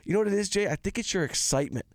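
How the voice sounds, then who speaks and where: A man's voice: high voice, lively intonation, racing, no echo, studio quality. A man hosting a casual podcast chat, hyped and emphatic, calling his guest bro. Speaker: host.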